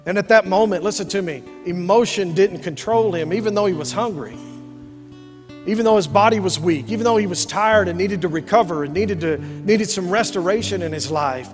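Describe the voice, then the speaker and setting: A man preaches in a high, ringing register, folksy and fervent by turns. His voice carries a long reverb from the church sanctuary, and soft guitar plays faintly beneath him. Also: animated, normal speed. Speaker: pastor. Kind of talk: sermon.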